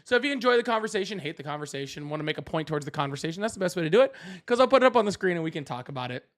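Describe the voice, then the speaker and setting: A man's voice: on the high side, sing-song, racing, a bit bright. A man hosting a live call-in debate stream, angry, profane and berating.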